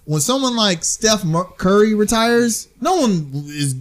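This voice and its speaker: A man co-hosting a casual sports talk show, opinionated and chatty with quick asides. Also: high-pitched, animated. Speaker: podcast co-host.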